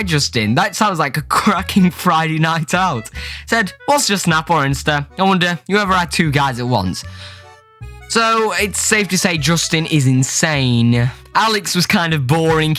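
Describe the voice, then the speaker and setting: A man's voice: on the high side, a bit bright. Joking young man. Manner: jokey, swearing, quick shifts into mock voices. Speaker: YouTuber. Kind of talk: comedic commentary reading chat messages. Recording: faint music behind.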